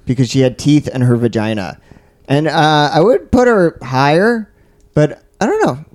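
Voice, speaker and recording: A man's voice: a little high, big pitch swings, moderate pace, darkish tone. A man co-hosting a casual comedy podcast, making crude, playful jokes. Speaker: podcast co-host.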